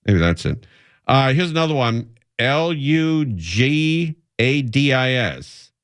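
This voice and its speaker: Radio host guy, talks real slow and deadpan, stretching out each word, dry studio mic. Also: medium pitch, clear, resonant tone, no room sound. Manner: deadpan, drawn-out mock pronunciations. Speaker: radio talk show host. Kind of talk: comedic talk radio bit.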